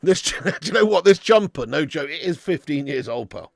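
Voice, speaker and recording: Laughing man with a gravelly voice. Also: a little high, animated, moderate pace, dry recording, clean studio sound. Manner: jokey banter, reading out viewer messages, laughing often. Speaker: watch-along stream host. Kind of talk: live football watch-along chat.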